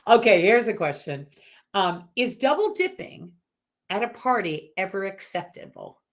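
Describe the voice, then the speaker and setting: A woman hosting a relaxed interview, upbeat and giggly, firing off quick quiz questions. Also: mid-range voice. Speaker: host. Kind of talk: casual interview chat.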